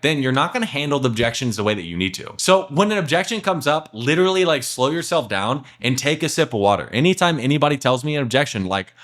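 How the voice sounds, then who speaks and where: A man's voice: medium pitch, fairly bright tone. A young adult man coaching salespeople to camera in a blunt, emphatic way, swearing casually and acting out what prospects say.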